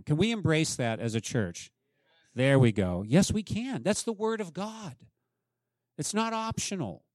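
A man's voice: high voice, a little mellow, no room sound, studio quality. A man preaching a sermon as pastor, emphatic and often asking the congregation questions.

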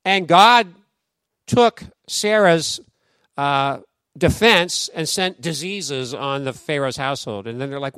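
A man preaching a sermon in a conversational, animated storytelling way, acting out quoted voices. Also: on the high side, measured pace, clean tone, no echo, studio quality. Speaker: pastor.

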